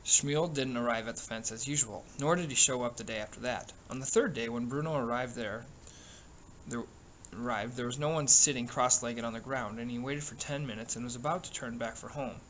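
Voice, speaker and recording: A man reading a novel aloud in a steady, even way, with small slips and restarts. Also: medium pitch, a little fast, slight background noise, low-quality recording. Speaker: reader.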